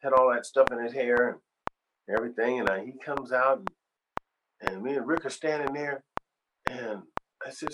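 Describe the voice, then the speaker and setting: Older man telling lively stories, noisy recording. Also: medium pitch, moderate pace, long pauses. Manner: animated storyteller, acts out quoted voices. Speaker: guest singer. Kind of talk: casual interview storytelling. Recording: noisy background hiss.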